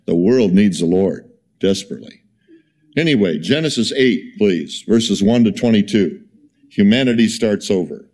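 A man giving a sermon in a conversational, storytelling way, full of fillers and restarts, his pitch jumping up when he is incredulous. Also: lively intonation, normal speed, darkish tone. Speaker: pastor.

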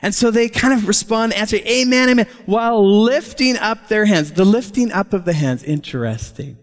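A man preaching a sermon as pastor, lively and chuckling often as he talks. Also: sits high, moderate pace. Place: church. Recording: long hall reverb.

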